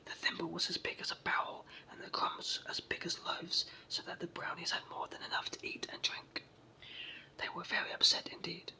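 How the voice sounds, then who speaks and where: A storyteller with a sore throat and cold reading a children's story aloud in a soft, measured whispered role-play. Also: low-quality recording.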